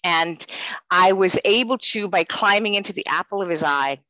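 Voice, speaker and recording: A woman's voice: lowish voice, moderate pace, pushed and bright, no room sound, dull audio. A woman sharing a personal faith testimony in earnest, rambling storytelling.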